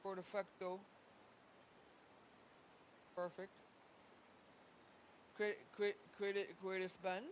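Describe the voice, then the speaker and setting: High-voiced man drilling words slowly. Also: flat delivery, slight background noise. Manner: sounds out foreign words over and over, talking to himself; easily frustrated, self-deprecating. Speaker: streamer. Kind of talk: casual commentary while practicing a language app.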